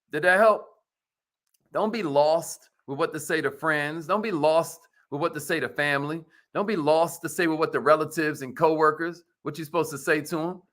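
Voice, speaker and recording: Bright, hyped motivational man host. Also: on the high side. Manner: energetic, preachy, calls out viewers by name; casual slangy delivery. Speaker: host of a motivational live show. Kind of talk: hyped motivational live-stream talk.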